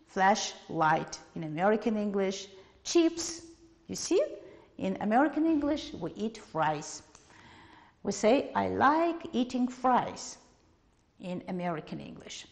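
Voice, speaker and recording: A woman teacher with an Azerbaijani accent, giving a lesson in English in a lively, emphatic way and repeating words for her students. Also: on the high side. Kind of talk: televised classroom lesson. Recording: long hall reverb.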